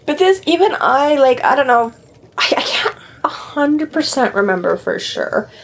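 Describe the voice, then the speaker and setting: Animated woman chatting about a book. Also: sits high. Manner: animated, swears freely, acts out characters' lines in quick asides. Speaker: podcast co-host. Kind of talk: casual book-discussion chat.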